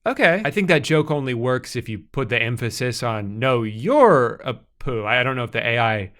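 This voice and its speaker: A man doing comedic commentary, sarcastic with deadpan asides. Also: mid-range voice, brisk. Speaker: YouTube commentator.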